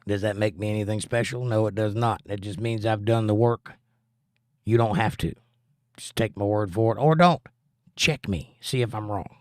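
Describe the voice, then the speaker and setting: A man's voice: lowish voice, moderate pace, darkish tone, no echo, studio quality. A middle-aged American man with a plainspoken, earnest manner, chatting with his stream audience and teaching about the Bible. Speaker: livestream host and Bible teacher. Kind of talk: casual chat and Bible teaching.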